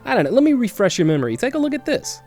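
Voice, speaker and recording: Mellow-voiced man hosting a commentary vlog. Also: very high-pitched, big pitch swings, very fast, soft background music. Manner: hesitant, with fillers and sighs. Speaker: YouTube commentator. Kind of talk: commentary video.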